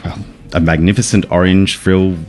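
A man reading a children's picture book aloud, animated and chuckling often. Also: deep voice, moderate pace, faint music behind. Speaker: guest story reader.

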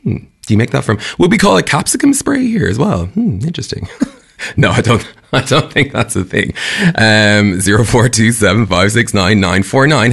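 Irish guy on morning radio, gravelly, ranting away and laughing a lot. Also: medium pitch. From Ireland. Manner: animated, ranting, laughs often. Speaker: breakfast radio host. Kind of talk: chatty radio monologue.

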